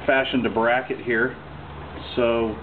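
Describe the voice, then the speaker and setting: A man giving a relaxed, hesitant walkthrough of his home mechanic work, with many pauses and fillers. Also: medium pitch, a little hiss or hum. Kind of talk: casual walkthrough demo. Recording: tinny phone-like camcorder audio.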